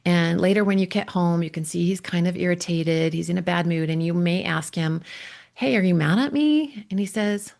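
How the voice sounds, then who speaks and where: A woman coach and podcast host giving a gentle, earnest faith-based talk on marriage, often checking in with "right?". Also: on the low side, level tone, brisk, vocal fry, few pauses.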